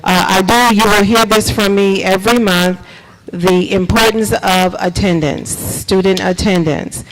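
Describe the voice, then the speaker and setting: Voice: medium pitch, fairly even intonation, a little slow, poor audio. A school superintendent giving announcements at a public board meeting, emphatic and repetitive, quizzing the audience, into a table microphone. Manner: preacher-like, repeats key points, quizzes the audience.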